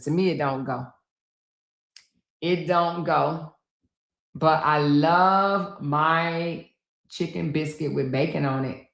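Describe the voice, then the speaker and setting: A woman's voice: low voice, vocal fry, fairly bright tone. A middle-aged woman hosting a casual livestream, chatty and exclamatory, talking straight to her viewers from home. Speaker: livestream host. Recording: roomy echo.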